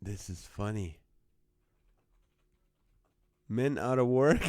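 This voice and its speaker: A man's voice: lowish voice, animated, a little slow, hardly any pauses, a little mellow, dry recording, studio quality. A man hosting a live call-in comedy stream from home on his phone. He keeps laughing as he reads out viewers' joke band names. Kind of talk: casual live-stream chat reading viewer comments.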